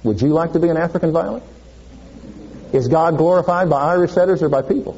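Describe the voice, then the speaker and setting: A man's voice: on the high side, fast, a little mellow, muffled recording, a little hiss or hum. A male preacher giving a sermon, asking the congregation questions and answering them himself.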